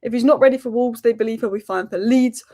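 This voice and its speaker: A woman hosting a daily football news roundup, talking rapid-fire and opinionated. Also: on the high side, warm tone. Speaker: football channel host.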